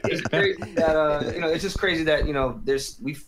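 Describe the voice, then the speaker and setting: A man's voice: a little high, a little fast, a loud crowd, low-quality recording. A man in his thirties, a guest musician on a casual podcast, talking in a laid-back way full of fillers and restarts.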